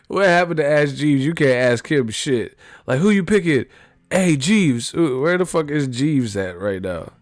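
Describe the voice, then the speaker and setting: A man's voice: medium pitch, lively intonation, measured pace, no room sound, clean studio sound. A man hosting a live stream, chatting casually with his viewers in a joking, profane way and laughing often. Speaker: live stream host reading chat. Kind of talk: casual chat.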